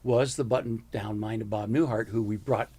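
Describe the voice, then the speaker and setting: His voice is fairly low with a breathy edge, moving at a moderate pace. A U.S. comedian in his seventies, he tells lively stories as an interview guest and drifts into impressions of people from his past.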